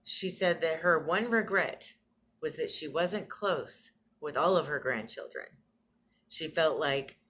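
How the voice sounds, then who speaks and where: A woman's voice: rumbling low, a bit bright. A middle-aged woman talks into her phone about family memories. She is tender and gets emotional at times, with a light laugh now and then. There is a faint hiss behind her in an ordinary room. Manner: tender, breaks into small laughs and tears up. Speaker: vlogger. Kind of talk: personal reminiscence to camera.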